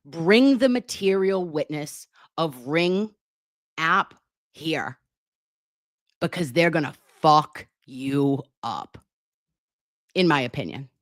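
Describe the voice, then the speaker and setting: A woman's voice: low voice, expressive, slow, long pauses, no echo, clean studio sound. A woman hosting a casual trial recap, emphatic and profane as she talks. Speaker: commentary host.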